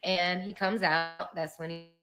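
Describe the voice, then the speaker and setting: Woman, somewhat low voice, candid vlogger recounting her own life, emotional, cursing, nervous laughter. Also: little pitch movement, measured pace, over music. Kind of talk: candid personal storytelling.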